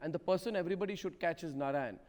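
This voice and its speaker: A man anchoring a heated TV news debate, hammering guests with rapid-fire rhetorical questions. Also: a little high, a little mellow, big-room sound.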